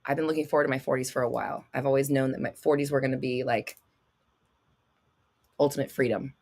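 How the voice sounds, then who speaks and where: A woman's voice: very deep voice, fairly even intonation, fast, vocal fry, darkish tone. A woman in her thirties hosting a livestream, answering viewers' questions with blunt, swearing, dramatic outbursts and laughter. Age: 30s. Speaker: host.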